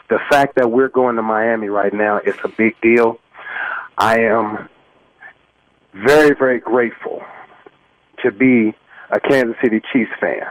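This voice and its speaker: A man's voice: medium pitch, dry recording, muffled recording. A man in his thirties from Los Angeles calling in to a sports talk show, heartfelt and rambling with fillers. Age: 30s. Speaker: caller. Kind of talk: emotional fan call-in.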